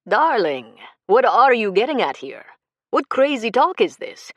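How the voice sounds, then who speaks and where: A woman voicing an adult male con man whose smooth charm turns cold and menacing, in an audiobook. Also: sits low, animated, normal speed, no echo. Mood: oily charm. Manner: fake charm turning cold and cruel.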